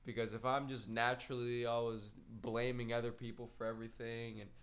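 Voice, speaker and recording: Young male gaming streamer at mid pitch, casual and rambling, swears freely. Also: level tone, fairly quick, fairly bright tone. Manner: rambling, laid-back storytelling with slang and swearing. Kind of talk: casual chat while gaming.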